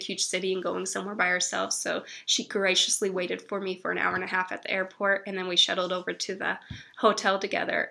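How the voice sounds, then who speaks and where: A young woman chatting in a bubbly, animated way about books she picked up, acting out little quotes as she goes. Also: medium pitch, creaky. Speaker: book vlogger. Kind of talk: casual book haul chat.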